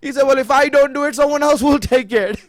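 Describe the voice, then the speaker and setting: A man with a high-pitched voice delivers a sermon, repeating his phrases and climbing from hushed tones to near-shouts. The sound is dry and close, with little room echo. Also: brisk. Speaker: preacher.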